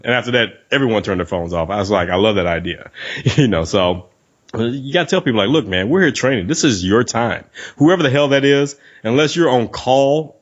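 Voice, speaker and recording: A man hosting a casual podcast chat, telling stories animatedly, acting out quoted lines, laughing and swearing casually. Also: mid-range voice. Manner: animated storyteller who acts out quoted lines. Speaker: podcast host. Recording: dull lo-fi podcast audio.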